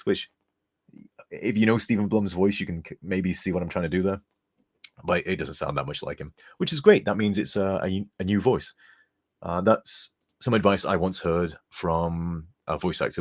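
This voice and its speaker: Chatty low-voiced, husky man streaming. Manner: chatty, rambling, reads donor messages aloud. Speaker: streamer and modder. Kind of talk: casual live-stream chat.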